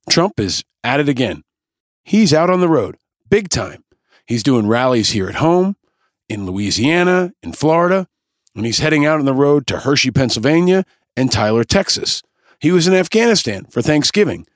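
A man's voice: mid-range voice, no echo, studio quality. A man hosting a podcast, delivering scripted, sarcastic and pointed political commentary. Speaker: podcast host.

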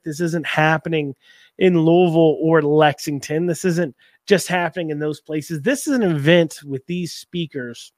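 A man hosting a political talk show, rambling and folksy, a little hoarse from a cold. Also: a little high, dry recording, clean studio sound. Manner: rambling, folksy, repeats himself. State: has a cold, slightly hoarse. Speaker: host.

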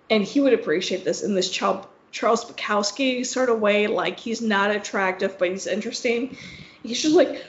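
A young woman co-hosting a podcast, rambling through a story with lots of swearing and "like". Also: on the high side. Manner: rambling, swearing, heavy use of "like". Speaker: podcast co-host. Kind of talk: casual storytelling chat. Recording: roomy, slightly dull sound.

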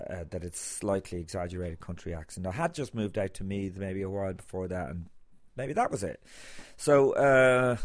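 A man's voice: lowish voice, no echo. Irish man, dry close podcast monologue. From Ireland. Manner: rambling, many fillers and restarts. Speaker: podcast host and comedian.

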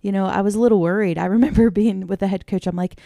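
A woman's voice: medium pitch, fairly even intonation, fast, gravelly, warm tone, no echo. A woman co-hosting a podcast, chatting reflectively about coaching kids. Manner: chatty, reflective, many fillers. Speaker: podcast co-host. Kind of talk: casual chat.

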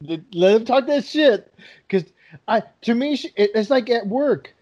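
A man in casual chat on an online call, laughing and swearing loudly. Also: extremely high pitch, lively intonation, measured pace, dull audio. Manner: loud, laughing, swears a lot.

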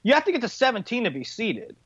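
A man's voice: extremely high pitch, huge pitch swings, quick pace, a bit bright, husky, no echo. A man co-hosting a casual talk show, with a dry, sarcastic way of talking. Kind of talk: casual chat. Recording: dull, dry lo-fi sound.

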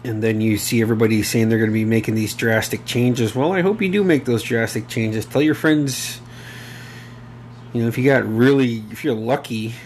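A man's voice: mid-range voice, normal speed, a little mellow, slight background noise. A man in his thirties hosting a casual solo podcast, rambling and emotional, swearing freely and using many fillers. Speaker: podcast host.

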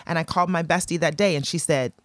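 A woman's voice: fast talker, no echo. A woman telling a story in casual chat, acting out the people she quotes with a lifted voice. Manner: animated storyteller, acts out quotes in a higher voice. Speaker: entrepreneur guest.

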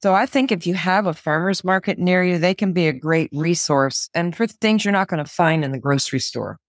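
A woman co-hosting a casual chat, thinking aloud in a gentle, reassuring way. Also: on the low side, fairly quick, no room sound, studio quality.

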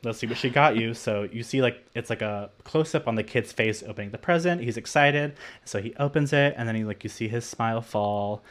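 Speaking fairly quickly with hardly any pauses, this young man has a mid-range voice. As a podcast co-host, he animatedly retells a horror film's plot, leaning heavily on "like" and performing the characters' dialogue.

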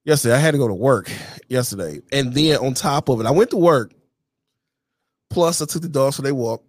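A man's voice: medium pitch, lively intonation, a little fast, no echo, clean studio sound. A man hosting his own show, talking casually and bluntly to camera with heavy profanity and a constant "you know what I'm saying". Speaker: podcast host.

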